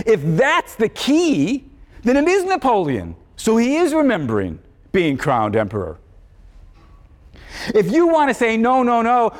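Man lecturing on philosophy, high voice, lively pitch, casual and thoughtful, reverberant lecture hall. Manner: thoughtful, conversational, self-correcting. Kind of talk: university lecture.

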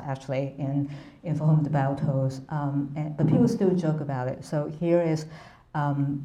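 A woman's voice: deep voice, dark tone. A woman giving an academic lecture in a hesitant way, full of ums and restarts. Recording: roomy echo.

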